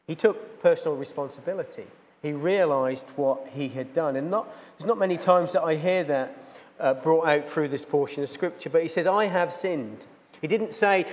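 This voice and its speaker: A man's voice: fairly high pitch, big-room sound. A man, a pastor giving an earnest sermon, telling a plain-spoken story to his congregation. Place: church.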